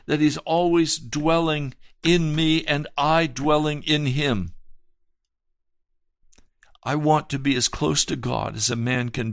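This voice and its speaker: A male pastor giving an earnest, emphatic broadcast sermon testimony, with slow, deliberate phrasing. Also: fairly high pitch, vocal fry, a bit bright, dry recording, clean studio sound.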